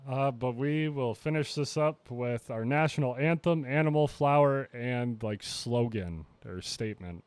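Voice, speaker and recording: A man's voice: medium pitch, a little slow, hardly any pauses, a little mellow, smooth, no room sound. A young man co-hosting a casual podcast, laid-back and dry as he steers the conversation. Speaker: podcast co-host. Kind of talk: casual chat.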